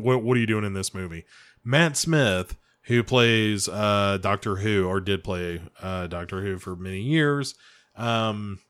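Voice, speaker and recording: A man giving a casual, rambling movie review, joking around and pausing often with fillers. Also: fairly low pitch, a bit bright. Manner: rambling, jokey, hesitant with many fillers.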